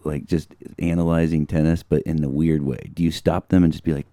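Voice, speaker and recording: Very deep-voiced American guy, dry mic. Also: level tone, brisk, mellow, dry recording. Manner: rambling, opinionated segment lead. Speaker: podcast co-host. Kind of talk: casual sports chat.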